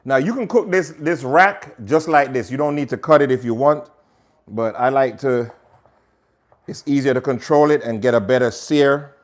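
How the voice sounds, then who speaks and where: A man's voice: mid-range voice, normal speed. A man with a Jamaican accent hosting a casual cooking demonstration in a home kitchen, chatting straight to viewers as he works. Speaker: cooking show host.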